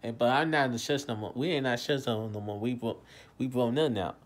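Rambling young man, loud then mumbling. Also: medium pitch, fairly even intonation, fairly quick. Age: late 20s. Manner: repetitive, loose, swings between loud and mumbled. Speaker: vlogger. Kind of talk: rambling casual monologue.

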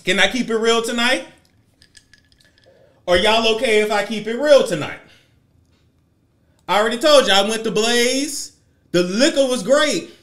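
A man giving a sassy, profane, theatrical commentary rant, swinging his pitch and volume around. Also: unhurried, long pauses, fairly bright tone. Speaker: commentary vlogger.

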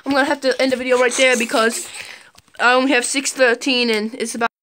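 Bright-voiced woman vlogger, melodramatic. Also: high-pitched, fairly even intonation, fast talker, a little hiss or hum. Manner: melodramatic, exclaiming, many fillers. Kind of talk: scripted prank vlog.

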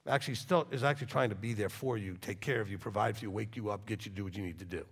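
A man, a rabbi, preaching to a congregation with intense swings from loud forceful bursts to quiet low talk. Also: racing, slightly rough, in a large hall. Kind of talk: sermon.

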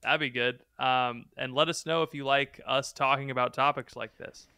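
A man's voice: medium pitch, steady tone, moderate pace, sharp tone, clean tone, no room sound, clean studio sound. A man co-hosting a casual podcast chat, joking and riffing with his co-host.

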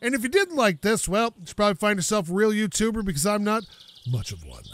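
A man's voice: high-pitched, huge pitch swings, fast talker, a bit bright, no echo. A young man casually narrating his own gameplay, talking to himself and swearing when frustrated. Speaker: gaming YouTuber. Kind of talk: casual let's-play commentary.

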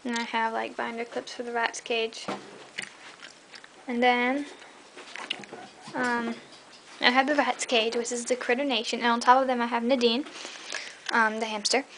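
Her tone is level and fairly bright, her pace measured with frequent pauses, as a weary young pet vlogger casually walks through her pets' cages indoors at home. She rambles with many fillers and switches to a high, coaxing voice to call the animals; the handheld camera mic gives a low-quality recording with slight hiss or hum.

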